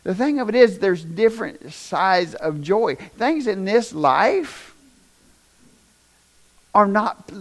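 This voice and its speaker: A middle-aged man delivers a sermon with a high, lively voice that swoops up and down. He talks in a folksy, joking way, calling out to his congregation. He drifts from the mic now and then in a church. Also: slow, long pauses. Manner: animated, folksy and joking, addresses congregation directly. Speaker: pastor.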